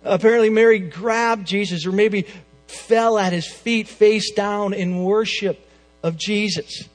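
A male preacher with a high voice delivers his sermon expressively, rising to loud emphasis and dropping to near-hushed phrases. A low mains hum runs under the recording. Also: steady tone, unhurried, faint music behind.

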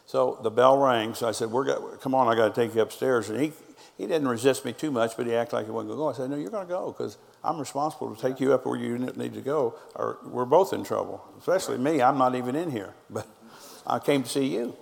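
A middle-aged pastor preaches a sermon at a quick pace with few pauses, his medium-pitched voice carrying vocal fry and a big-room sound. He tells stories and quotes people's words back and forth, as though relaying a conversation.

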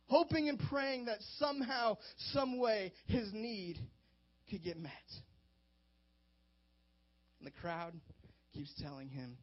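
A man preaching a sermon as a pastor, animated and swinging between hushed and loud delivery, on a dull lo-fi recording. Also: high voice, slow, long pauses.

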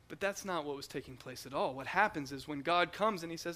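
High-voiced man preaching emphatically. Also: quick pace, few pauses. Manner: emphatic, repeats words, animated. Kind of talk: sermon teaching.

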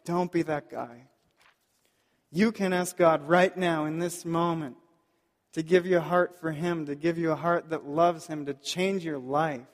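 A man preaching a sermon as pastor, earnest and pleading, slowing down to stress key points. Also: fairly high pitch, long reverb tail. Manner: earnest, pleading, slows down for emphasis.

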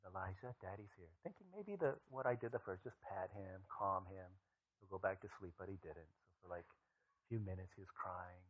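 Male pastor, thirties, sermon storytelling, lowish voice, lively then hushed. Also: moderate pace, poor audio. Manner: storytelling, animated then dropping to a soft hushed voice.

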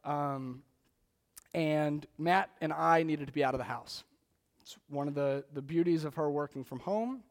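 High, gravelly-voiced pastor preaching. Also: male voice. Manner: conversational and animated, with frequent restarts. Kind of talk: sermon.

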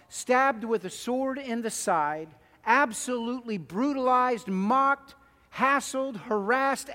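A man preaching a sermon in a church, telling stories in an animated, emphatic way. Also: high voice, big-room sound. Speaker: pastor. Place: church sanctuary.

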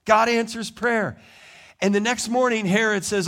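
A man preaching to his church in an animated, storytelling way, slipping into the voices of the people he describes. His voice sits somewhat high, and his delivery moves from hushed to loud. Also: measured pace. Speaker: pastor. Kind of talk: sermon.

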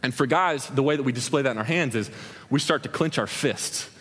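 Animated young male preacher in a hall. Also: mid-range voice, a little fast, husky. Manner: animated storytelling, acts out scenes with hand gestures. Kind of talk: sermon with acted-out examples. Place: large hall with an audience. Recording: long hall reverb.

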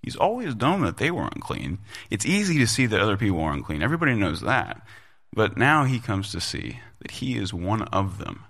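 A man's voice: on the low side, sing-song, fairly quick, creaky, a bit bright. A male pastor preaching a sermon to his congregation in a conversational way, often repeating words for emphasis.

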